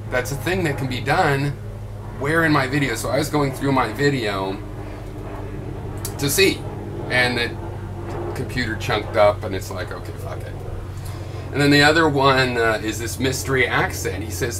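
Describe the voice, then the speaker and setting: A man's voice: mid-range voice, moderate pace, noisy background. A man recording a casual vlog at his computer, thinking aloud with many restarts and answering critics with pointed questions. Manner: argumentative, rising to pointed questions. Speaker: video blogger. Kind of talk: casual off-the-cuff commentary.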